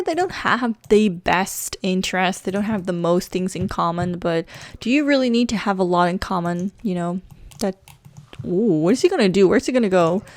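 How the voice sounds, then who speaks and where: A woman talking through her life-sim game in casual commentary, chatty and excitable as she gushes about her characters. Her voice sits in a middle pitch. The recording is dry and close, with no room sound. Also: no echo. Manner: excitable and chatty, gushing with frequent laughs. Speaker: let's play creator.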